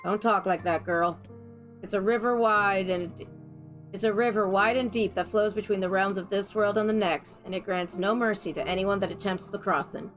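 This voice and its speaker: A woman reading game text aloud, voicing a fierce, vulgar old grandmother who talks in a gruff, scolding way. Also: medium pitch, normal speed, soft background music, lightly acted. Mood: stern.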